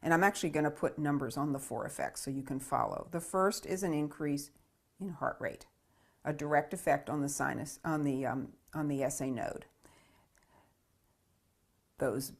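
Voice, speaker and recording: A woman's voice: low-pitched, normal speed, gravelly. A woman physiology lecturer in a recorded lecture, explaining step by step, repeating key terms and checking in with "okay?".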